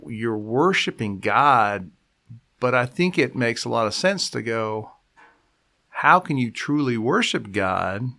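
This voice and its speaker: A man's voice: mid-range voice, vocal fry, pushed and bright. A man, a pastor, talking casually in a conversation, rambling with restarts and acting out quotes. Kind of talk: casual conversational podcast talk.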